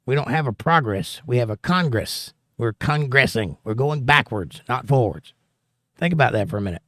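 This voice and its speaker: A man's voice: mid-range voice, animated, moderate pace, fairly bright tone, dry recording, clean studio sound. A man with a Southern accent hosting a casual political livestream, reading viewer comments aloud with wry, joking asides. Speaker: livestream host.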